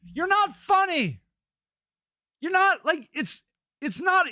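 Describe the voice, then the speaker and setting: A middle-aged man with a very high, bright, forceful voice, recorded dry and close. He hosts a live stream, answering chat with sarcastic, profane rambling. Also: sing-song, slow pace, pauses often, dry recording.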